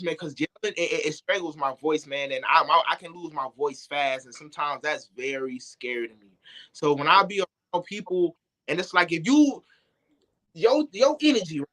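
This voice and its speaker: High-voiced young man, slangy and animated. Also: normal speed. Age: young adult. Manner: loose, animated, slangy storytelling. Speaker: singer, interview guest. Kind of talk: casual interview talk.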